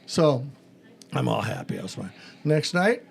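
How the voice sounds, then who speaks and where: A man's voice: medium pitch, very animated, measured pace, vocal fry. A middle-aged man, a pastor hosting a podcast, telling a story in a casual chat and acting out the phone calls in it.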